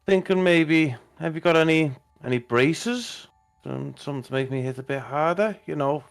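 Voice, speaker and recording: A man's voice: a little high, moderate pace, creaky, clean tone. A man playing a tabletop game, joking as he talks for his big brawny character. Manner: jokey, in-character bragging. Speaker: player.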